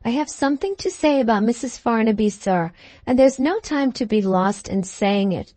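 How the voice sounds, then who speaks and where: A woman's voice: on the high side, animated, moderate pace, dry recording. A woman voicing an anxious young maidservant who speaks hesitantly and apologetically. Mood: troubled. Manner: hesitant and apologetic, addressing a gentleman as sir.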